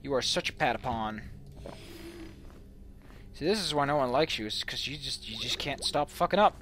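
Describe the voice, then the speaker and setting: A man's voice: medium pitch, lively intonation, normal speed, noisy background. A man from the Netherlands, rambling and swearing goofily as he comments on his gameplay. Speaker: let's play host.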